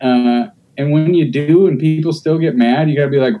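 Mellow rambling podcast man. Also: on the high side, normal speed, hardly any pauses, highs cut off. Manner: rambling, loose, many fillers and restarts. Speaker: podcast host. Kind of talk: casual podcast chat.

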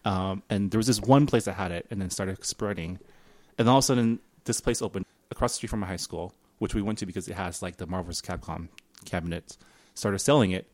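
A man's voice: low voice, quick pace, a little mellow, no echo. A man from San Gabriel, California, a podcast co-host, joking in casual chat.

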